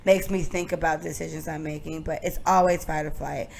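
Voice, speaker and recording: Animated, profane young woman storyteller. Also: low-pitched, a little fast, creaky, slight background noise. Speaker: podcast co-host. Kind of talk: casual storytelling chat.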